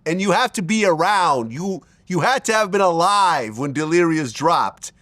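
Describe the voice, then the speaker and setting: A man's voice: fairly high pitch, expressive, normal speed, fairly bright tone, no echo. A man hosting an interview in a conversational way, asking probing questions. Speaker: interview host. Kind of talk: casual interview chat.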